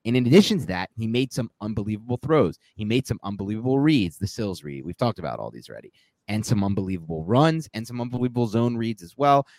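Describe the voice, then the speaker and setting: Very animated and fast, a man with a fairly low, darkish voice picks apart a game on a sports podcast he co-hosts. The talk is loose and rambling; he fixes his own errors and laughs at them, all on a dry recording.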